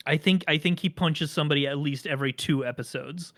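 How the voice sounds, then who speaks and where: Podcast host, talks at a middling pitch, meanders through long explanations, dry humor. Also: brisk. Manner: rambling, enthusiastic explainer with dry jokes. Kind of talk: casual podcast chat.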